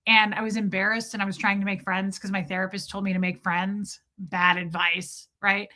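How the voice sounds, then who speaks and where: A woman hosting a casual live stream and chatting with viewers, animated and quick to laugh, swearing freely. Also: mid-range voice. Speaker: live-stream host reading chat.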